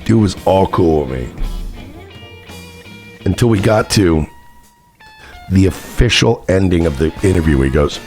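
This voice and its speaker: A man with a very low voice tells a story straight to his viewers in a loose, sarcastic, profane way. He rambles and brushes details aside with "blah, blah". Faint guitar music plays underneath. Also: sing-song, normal speed, pauses often, a little mellow. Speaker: vlogger. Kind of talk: casual storytelling.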